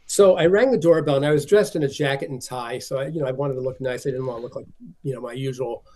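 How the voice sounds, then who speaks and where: A man's voice: medium pitch, fast, darkish tone. A man, a film collector being interviewed, telling stories and acting out the voices of the people he quotes. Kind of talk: conversational storytelling.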